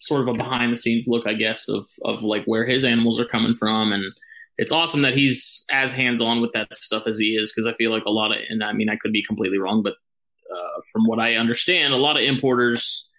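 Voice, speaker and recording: A man's voice: mid-range voice, fairly even intonation, fairly quick, sharp tone, rough recording. A man guest co-hosting a casual podcast, telling stories and defending himself with good humor. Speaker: guest co-host.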